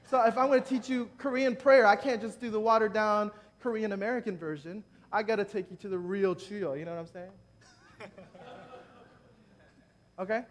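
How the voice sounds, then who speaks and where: A man preaching a sermon in a conversational way, making joking asides to the congregation at a church gathering. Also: sits high. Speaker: preacher leading prayer.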